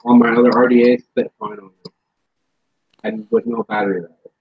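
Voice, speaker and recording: A man's voice: mid-range voice, sing-song, fairly quick, vocal fry, husky. A man hosting a casual chat about vaping gear, blunt and swearing freely, on a dull lo-fi recording. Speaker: vaping show host.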